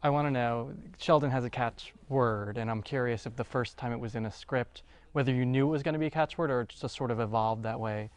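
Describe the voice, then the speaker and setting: A male interviewer reads questions sent in by readers, keeping his delivery light and plain. His voice sits at a middle pitch, and the recording is dry and close. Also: brisk, few pauses, clear, resonant tone, dry recording.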